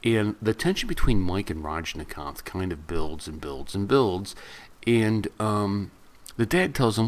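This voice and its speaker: A man with a very low voice talks through a movie plot like he's chatting with a friend. His retelling wanders, doubling back with asides and loose corrections as he goes. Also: sing-song, measured pace. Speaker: movie reviewer. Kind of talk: casual film recap.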